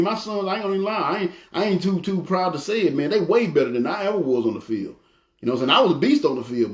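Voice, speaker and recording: A middle-aged man preaching in a casual, storytelling way, acting out family quotes. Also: on the high side. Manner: folksy, animated storytelling with acted family quotes. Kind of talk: conversational sermon. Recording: echoey room.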